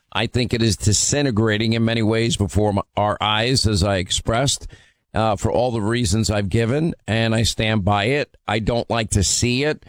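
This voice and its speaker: A man hosting a call-in radio talk show, speaking in a forceful, emphatic way with frequent fillers. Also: fairly low pitch, dry recording. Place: radio studio.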